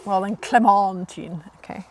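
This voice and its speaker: A woman's voice: medium pitch, unhurried. Woman questioning playfully. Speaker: co-host. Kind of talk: casual chat.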